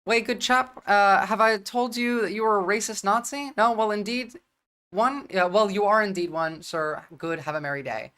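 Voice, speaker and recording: A woman putting on a pompous, mock-polite British gentleman during livestream commentary. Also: mid-range voice, normal speed, lightly acted.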